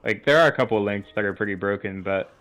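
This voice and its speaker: A man from Canada, chatting in a relaxed way on a game stream and explaining mechanics with a few fillers. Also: lowish voice, quick pace, slight background noise. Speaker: streamer and co-host. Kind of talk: casual chat during a game stream. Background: game music.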